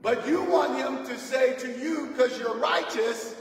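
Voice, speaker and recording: A male pastor preaching a sermon in call-and-response, asking the church to finish his lines and rising to shouts on key points. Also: very high-pitched, a little slow, gravelly. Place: church sanctuary. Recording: echoey church hall, mic far off.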